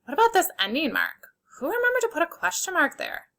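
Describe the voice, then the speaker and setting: A woman leads young children through a spelling lesson, patiently sounding out letters and praising their efforts. She speaks fast in a very high, gravelly, fairly bright voice whose pitch swoops wildly.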